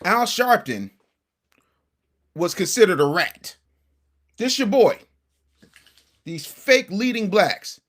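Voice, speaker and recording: A man's voice: high voice, big pitch swings, slow pace, pauses often, fairly bright tone. A man hosting a casual livestream commentary show, brash and combative, talking straight to his chat.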